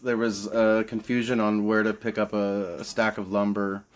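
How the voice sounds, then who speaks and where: A man's voice: lowish voice, little pitch movement, normal speed. A man co-hosting a podcast who chats in a laid-back way and keeps his remarks brief. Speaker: podcast co-host. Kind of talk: casual chat.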